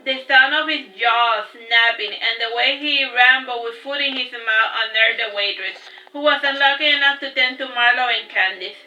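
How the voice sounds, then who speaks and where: A woman reads her own novel aloud in a high, very bright voice, tripping over words and restarting now and then. The recording is dull and distant, in a roomy space. Faint music plays underneath. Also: normal speed. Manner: unpolished reading with restarts and slips. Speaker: author reading her own book.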